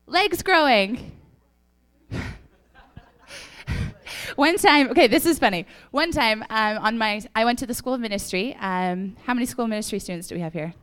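A young woman with a fairly high, smooth and clear voice, speaking to a church crowd. She tells her stories chattily, full of laughs and fillers, and sounds a little sniffly. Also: fairly quick, pauses often, fairly bright tone. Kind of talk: casual testimony talk.

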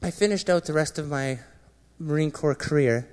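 A man, a former Marine, sharing an earnest personal testimony with a gathering, often dropping quiet and low at painful moments. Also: moderate pace, clean tone. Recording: long reverb of a large hall.

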